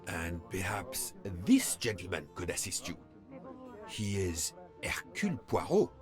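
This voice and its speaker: A polite railway director in a mystery game speaks in a deep, lively voice. He stays accommodating and French-tinged. Game music is clearly audible behind him. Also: measured pace. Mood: courteous. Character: courteous railway director, middle-aged man.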